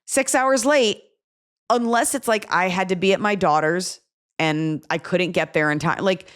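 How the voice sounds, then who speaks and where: Lady podcast host, kinda low voice, blunt advice, does little voices for people. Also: measured pace. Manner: blunt, animated, acts out quoted voices. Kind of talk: casual advice chat.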